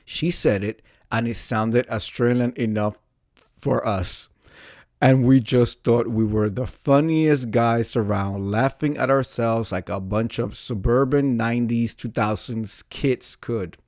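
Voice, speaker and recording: A man's voice: medium pitch, takes it slowly, a little mellow, no echo, studio quality. A man casually reading out an online confession and commenting on it, often amused and laughing. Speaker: social media host reading confessions.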